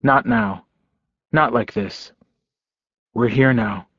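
A man narrating a novel in first person, quiet, measured and intimate. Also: medium pitch, slightly rough, no echo. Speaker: audiobook narrator. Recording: dull, dry lo-fi recording.

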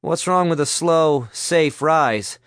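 A man's voice: fairly high pitch, slow pace, fairly bright tone, clean tone, dry recording, studio quality. A man voicing a sarcastic, contrary young man who grumbles and complains, in a storybook reading. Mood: sardonic. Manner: sardonic, complaining.

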